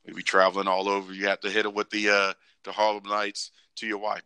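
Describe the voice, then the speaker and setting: A man co-hosting a podcast in casual chat, joking and acting out quoted lines in squeaky voices. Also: fairly quick, clean tone, no room sound. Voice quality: animated, joking, acts out quotes in high voices. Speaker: podcast co-host.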